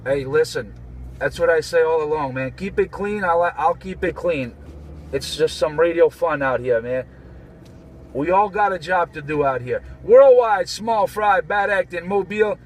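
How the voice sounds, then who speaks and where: High-voiced man teasing on CB radio. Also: expressive, normal speed, low-quality recording. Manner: teasing, repetitive catchphrases. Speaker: trucker on CB radio. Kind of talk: casual CB radio banter.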